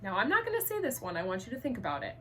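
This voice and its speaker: A woman teaching an online first grade reading lesson, upbeat and encouraging, enunciating clearly. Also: medium pitch, wildly swooping pitch, rapid-fire, bright, forceful tone, slight background noise.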